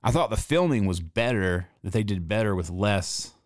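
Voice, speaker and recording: A man's voice: on the low side, expressive, moderate pace, no room sound, studio quality. A man hosting a podcast, giving a loose, profane, rambling movie review full of slang and fillers. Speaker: podcast host.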